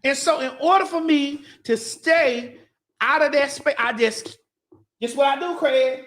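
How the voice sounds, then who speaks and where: A woman with a high voice hosts a casual talk show, venting in a loud, profane, animated way. She is from Miami-Dade and talks bluntly. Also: unhurried. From Miami-Dade, Florida. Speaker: morning show host.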